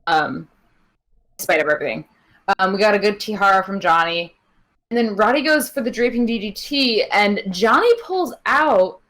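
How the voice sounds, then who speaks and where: Talking at normal speed, a young woman with a mid-range, slightly bright voice co-hosts a podcast. Her casual wrestling recap is full of laughter and fillers.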